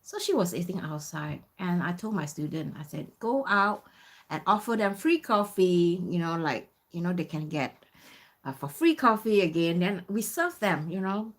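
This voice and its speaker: A woman's voice: fairly low pitch, expressive, moderate pace. A woman in her fifties from Singapore, casually telling a story with many "you know" fillers. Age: 50s. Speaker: vlogger.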